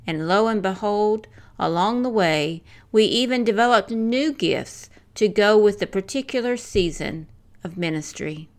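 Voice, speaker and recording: An older woman reading a devotional in a slow, measured, earnest way, as a missionary speaker. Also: medium pitch.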